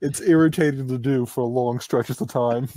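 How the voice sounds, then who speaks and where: A man's voice: mid-range voice, fairly even intonation, normal speed, dark tone. Joking man in casual game chat. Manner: joking, chatty. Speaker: player.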